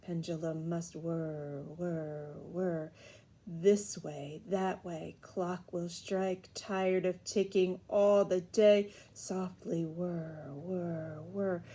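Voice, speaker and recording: A woman voicing an odd old male godfather and clockmaker in a storybook reading, chanting in a grating monotone. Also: lowish voice, drawn-out words.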